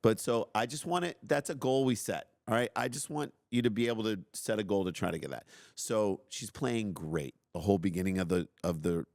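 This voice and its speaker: A middle-aged man hosting a podcast, telling a personal story in an animated, self-deprecating way and acting out his own outbursts. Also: on the low side, a little fast, few pauses, no echo, clean studio sound. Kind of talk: casual storytelling.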